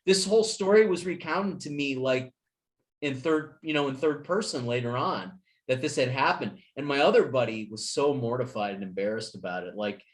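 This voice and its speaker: A man's voice: mid-range voice, normal speed. A man hosting a podcast, telling stories in casual chat, swearing freely and acting out his friends' lines. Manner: profane storyteller, acts out friends' voices. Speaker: podcast host.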